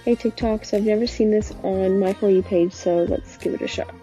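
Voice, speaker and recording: A woman walks through a drawing game's rules with patient, instructive delivery. Her tone is mellow and warm, and faint music plays beneath. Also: mid-range voice, fairly even intonation, normal speed, lo-fi sound. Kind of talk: tutorial video.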